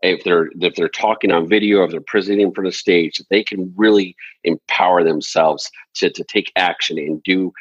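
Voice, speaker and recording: Man, interview host, deep voice, husky, earnest, restarts often, dull lo-fi sound. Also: steady tone, moderate pace, few pauses, no room sound. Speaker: podcast host. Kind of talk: casual interview.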